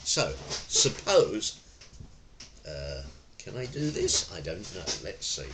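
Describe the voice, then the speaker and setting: A man's voice: low voice, sing-song, slow, noisy background. A male self-defence instructor, seated at a table indoors, explaining with demonstrations and wandering off into asides. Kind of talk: explaining to camera.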